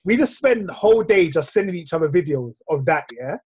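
A man's voice: fairly high pitch, brisk, slightly rough, highs cut off. A young man hosting a casual chat, telling stories with lots of slang. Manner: animated storytelling, London slang. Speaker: podcast host.

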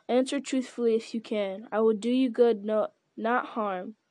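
A woman's voice: fairly high pitch, steady tone, normal speed, a little mellow, no room sound, natural voice. A woman reading an earnest young hobbit. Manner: earnest and courteous. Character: earnest young male hobbit, polite and loyal.

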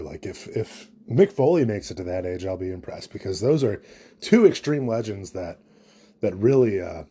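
A man's voice: lowish voice, mellow, slightly rough. A young man, a new father, hosting a solo comedy podcast in a rambling, jokey, self-deprecating way. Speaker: podcast host.

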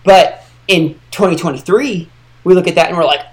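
A podcast co-host in an easygoing conversation lays out a point step by step and keeps going. The voice sits at a middling pitch with nothing unusual about its tone. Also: normal speed. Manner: explanatory, lays out points at length. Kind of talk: casual chat.

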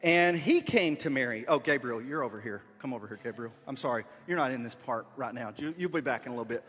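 A man's voice: mid-range voice, fast talker, fairly bright tone, slightly rough, long reverb tail, soft background music. A man wearing a body mic reads a story aloud and playfully coaches volunteers who act it out. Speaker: leader of a children's skit. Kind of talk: reading a story aloud while directing volunteers.

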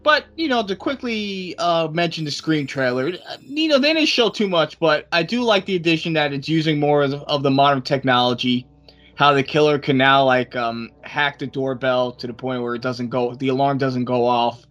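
A man co-hosting a podcast in casual chat, animated and sometimes trailing off to restart his thoughts. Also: fairly high pitch, moderate pace, lo-fi sound, soft background music. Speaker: podcast co-host.

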